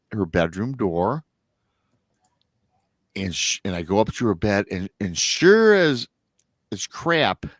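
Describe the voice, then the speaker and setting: A man's voice: fairly low pitch, a bit bright, dry recording. A middle-aged man from Michigan, a guest on a live stream, telling a family story in a rambling way and acting out what his relatives said. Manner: rambling, with restarts and acted-out quotes of family members.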